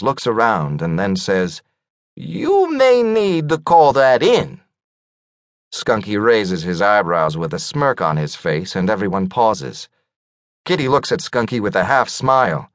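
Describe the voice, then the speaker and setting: A man's voice: sits low, a bit bright, no echo, clean studio sound. A man narrating a comic audiobook in a playful, storytelling manner.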